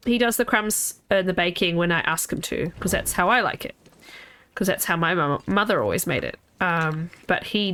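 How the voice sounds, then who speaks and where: A woman's voice: fairly low pitch, a bit bright. Chatty woman streamer rambling while playing. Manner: rambling and chatty, trailing off and restarting. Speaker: game streamer. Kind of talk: casual gameplay commentary chatting with viewers.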